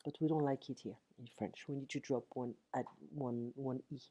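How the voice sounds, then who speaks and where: Deep husky woman running a french lesson at home, says okay a lot. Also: steady tone, normal speed, mellow. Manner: repeats phrases in English and French, frequent "okay?". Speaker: French teacher. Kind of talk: online language lesson. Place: home at night.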